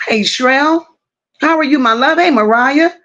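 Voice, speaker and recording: A woman's voice: high-pitched, unhurried, a bit bright, muffled recording. A woman hosting a casual livestream, greeting viewers and reading out their comments in a blunt, affectionate manner. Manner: affectionate, calls viewers "my love" and "boo". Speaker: livestream host.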